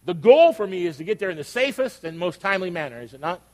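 High-voiced man preaching in a reverberant hall. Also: very animated, fast, a little mellow. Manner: conversational storytelling, rising to emphatic questions. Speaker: pastor. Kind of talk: sermon.

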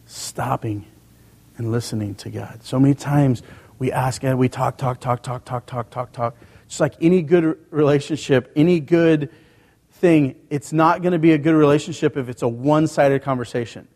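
A man's voice: medium pitch, a little mellow, in a large hall. A male pastor preaching a sermon in a church, talking to the congregation in a conversational way with rhetorical questions. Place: church sanctuary.

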